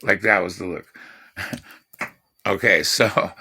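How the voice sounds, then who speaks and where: A man's voice: fairly low pitch, lively intonation, takes it slowly, creaky, pauses often, bright, forceful tone. A man in his fifties telling rambling personal stories in a profane, boastful, meandering way. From Washington State, USA. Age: 50s. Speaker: vlogger.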